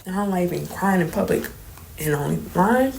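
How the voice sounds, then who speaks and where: Indoors late at night, a young woman vlogger gives her viewers an emotional storytime confession, her soft voice shaking as she holds back tears. Her fairly low, gravelly tone is expressive at a moderate pace, trembling at times and often dropping to a near whisper, with a faint hiss underneath.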